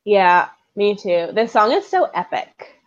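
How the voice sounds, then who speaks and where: A woman's voice: mid-range voice, big pitch swings, measured pace. Young woman with a sick, dull-sounding voice. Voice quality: soft, giggly, filler-heavy. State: sick, congested. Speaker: podcast co-host. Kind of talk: casual chat.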